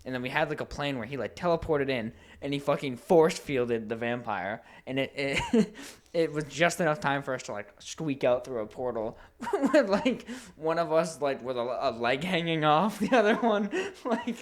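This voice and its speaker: Young man, podcast co-host, casual chat, profane, animated storytelling. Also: mid-range voice, moderate pace, few pauses, a little hiss or hum.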